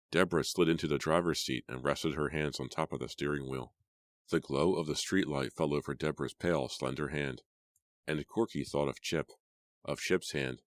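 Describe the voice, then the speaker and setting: A man narrating a horror audiobook in a measured, steady reading voice. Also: extremely low pitch, dry recording, clean studio sound. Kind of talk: scripted narration.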